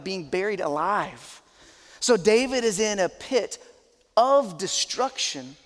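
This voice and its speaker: A man's voice: high voice, in a large hall. A man, a pastor, preaching a sermon in an earnest, conversational, emphatic way.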